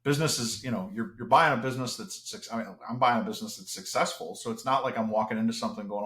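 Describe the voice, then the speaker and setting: A man's voice: medium pitch, fast talker, few pauses, a bit bright. Reflective man in a roomy space. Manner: earnest, reflective, with many restarts. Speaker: interview guest. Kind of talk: casual podcast conversation.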